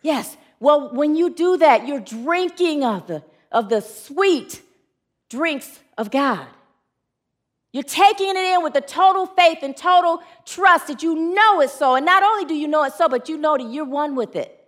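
A woman pastor delivers an earnest sermon a little slowly, with lively intonation, drawing call and response from the congregation. In sorrowful moments her voice sinks low and quiet.

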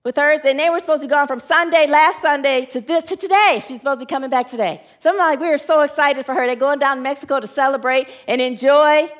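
A woman pastor preaching an earnest sermon, inviting call and response from the congregation and dropping low and quiet in sorrowful moments. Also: fast talker, hardly any pauses.

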